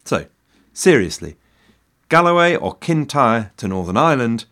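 A man's voice: medium pitch, very animated, moderate pace, a bit bright. A man giving scripted history narration, with a wry, dry humor and self-deprecating asides. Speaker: history podcast host.

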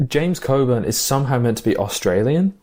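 A man's voice: medium pitch, lively intonation, a little fast, a little mellow. A man co-hosting a casual film discussion podcast, talking with enthusiasm and thinking aloud with fillers and restarts.

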